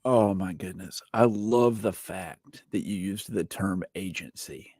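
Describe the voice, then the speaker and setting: A man's voice: low voice, a little slow, a little mellow, slightly rough, no echo, studio quality. A man hosting a casual gaming chat, joking around and playful. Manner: playful, jokey, puts on accents. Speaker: podcast host.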